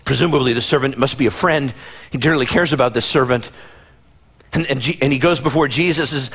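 A man's voice: medium pitch, fast, a bit bright, slightly rough. A man preaching a sermon as pastor, dramatic, acting out the people of his story in voices and often repeating and restarting phrases. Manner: dramatic, acts out the Bible figures in voices.

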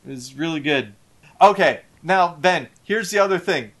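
A man's voice: fairly high pitch, animated, fairly bright tone. Rambling middle-aged man on a podcast. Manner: rambling, halting with many fillers. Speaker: podcast co-host. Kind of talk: casual podcast chat.

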